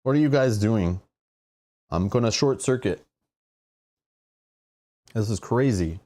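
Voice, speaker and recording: A man streaming a live solo board game playthrough, thinking aloud, reading rules and chatting excitably with his viewers. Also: fairly low pitch, takes it slowly, long pauses.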